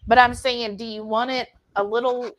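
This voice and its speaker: A woman co-hosting a home cooking livestream, gushing warmly as she reads out viewer comments. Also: a little high, fairly even intonation, moderate pace, a little hiss or hum. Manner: bubbly, gushing over viewers. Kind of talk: casual chat, reading viewer comments. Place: home kitchen.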